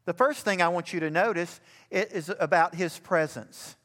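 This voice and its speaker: Preacher in a reverberant church. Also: male voice, high voice, moderate pace, fairly bright tone. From Alabama. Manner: preaching, rising to fervent emphasis. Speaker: pastor. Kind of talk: sermon.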